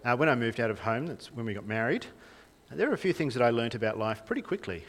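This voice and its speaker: A man's voice: mid-range voice, very animated, fast. A young man preaching a sermon in a conversational way, often asking the congregation questions. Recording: reverberant hall.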